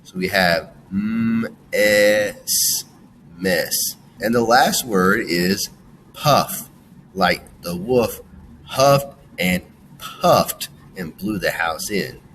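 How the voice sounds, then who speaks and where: Male phonics teacher, lowish voice, slow and lively delivery, faint room noise behind. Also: rough recording. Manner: slow, sounding out letters and praising. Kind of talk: phonics lesson for children.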